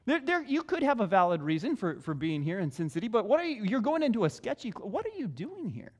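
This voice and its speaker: A man's voice: high voice, very animated, fast, long reverb tail. A male pastor preaching a sermon in a conversational way, repeating his key phrases.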